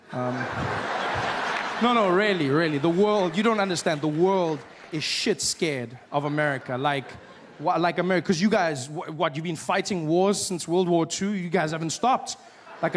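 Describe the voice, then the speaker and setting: A man from South Africa performing a stand-up comedy routine, animated and acting out characters in excited voices. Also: a little high, slight background noise.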